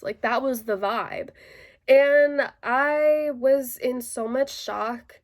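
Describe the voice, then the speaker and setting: Chatty woman with a slightly high voice. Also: lively intonation, slow. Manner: chatty, peppered with "like" fillers; indignant retelling. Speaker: vlogger telling a personal story. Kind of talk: casual story time.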